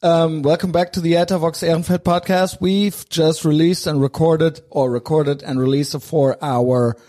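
A man's voice: on the high side, fairly even intonation, moderate pace, mellow. A man with a German accent hosting a podcast from a hotel room, chatting casually, laughing easily and teasing his guest. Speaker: podcast host.

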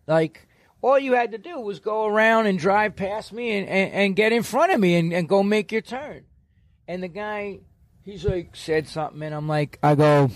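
An older man with a thick New York accent talks in a fairly high voice, blunt and full of profanity as he tells his stories. The sound is close and dry, with no room around it. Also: moderate pace, no room sound. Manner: blunt, profane, animated storyteller. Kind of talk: casual chat.

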